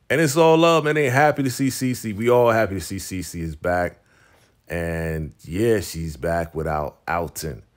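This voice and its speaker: A man with a fairly low voice runs through a TV episode recap. He talks casually and loosely, full of slang and fillers, and slips into the characters' lines as he goes. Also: unhurried. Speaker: TV recap reviewer.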